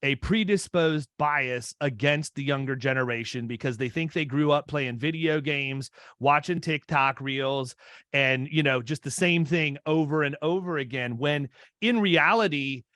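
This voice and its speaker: A man's voice: fairly high pitch, measured pace, pushed and bright, dry recording. Dry-sounding man in his fifties hosting. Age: 50s. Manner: rambling, restarts mid-sentence. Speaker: podcast host. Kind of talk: casual interview chat.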